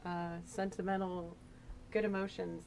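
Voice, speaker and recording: A woman's voice: fairly low pitch, flat delivery, a little slow, vocal fry, darkish tone, a little hiss or hum, low-quality recording. A woman giving a casual, emotional tarot reading, chatty and rambling with fillers. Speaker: tarot reader.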